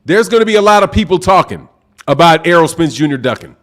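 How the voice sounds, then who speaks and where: A man hosting a boxing live stream, talking at full volume with a lot of excitement. His voice sits high and carries. He keeps his words casual and drops "bro" into almost every line. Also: fast talker. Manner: loud, projecting, excitable, says bro a lot; reads super chats aloud. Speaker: boxing channel host. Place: home live stream, sipping drinks.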